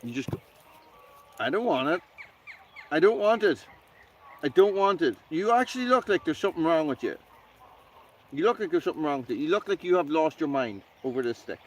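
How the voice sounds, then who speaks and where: A man's voice: fast talker, dull audio, slight background noise. A man hosting a casual live stream outdoors by a campfire, rambling to viewers and talking to his dog. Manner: rambling, talks to his dog in a high excited voice. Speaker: channel host.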